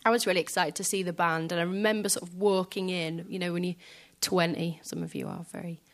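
Woman, soft-spoken, hesitant, reflective interview guest, slightly low voice. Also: quick pace. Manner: soft, hesitant, many fillers. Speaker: guest musician.

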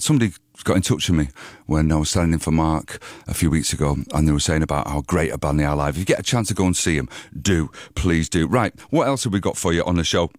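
A man's voice: rumbling low, no echo. A middle-aged man presenting a radio music show in a studio, chatty and rambling with lots of fillers and restarts. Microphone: studio microphone.

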